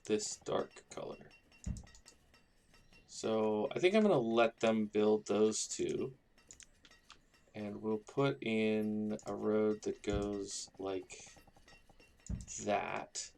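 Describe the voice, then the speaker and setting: A man's voice: lowish voice, vocal fry, darkish tone, slight background noise. A man casually commenting on his own gameplay, rambling and thinking aloud as he builds a town. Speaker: gaming YouTuber.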